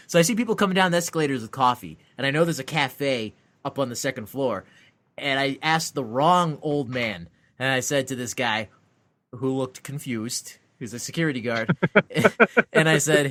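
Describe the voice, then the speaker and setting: A man's voice: mid-range voice, normal speed. A man co-hosting a podcast, telling a long frustrated story in casual chat, swearing freely and acting out the people he met. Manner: animated ranting storyteller, swears a lot. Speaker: podcast co-host; convention exhibitor.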